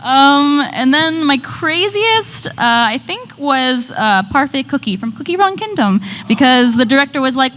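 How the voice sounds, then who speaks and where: A woman voice actor telling panel anecdotes, giggly and animated. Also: high-pitched, normal speed. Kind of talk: casual panel chat. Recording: noisy convention hall mic.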